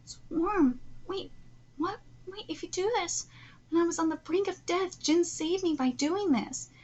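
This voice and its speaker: A woman's voice: very high voice, measured pace, darkish tone, lo-fi sound. A woman voicing an obsessive young female villain, reading manga dialogue aloud in a plain, slightly hesitant way. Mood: subdued.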